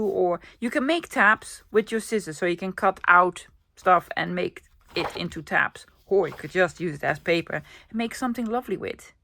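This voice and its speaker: A craft vlogger with a mid-range, slightly bright voice chats enthusiastically, thinking aloud in a casual show-and-tell vlog. The recording is dry.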